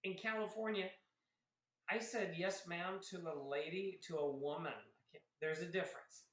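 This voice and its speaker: A man's voice: high-pitched, steady tone, normal speed, fairly bright tone, reverberant, poor audio. A man in his fifties, an Air Force veteran guest, telling stories casually with laughs and acted-out quotes. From grew up in South Carolina. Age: 50s. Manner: chatty, laughs often, acts out quotes. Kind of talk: casual interview storytelling.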